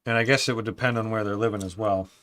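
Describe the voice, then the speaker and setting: A man's voice: on the low side, steady tone, fast. Chatty man muttering over a Lego build. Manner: chatty, opinionated, reads out viewer comments; often drops to quiet muttering while building. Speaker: livestream host building Lego. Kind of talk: casual live-stream chat.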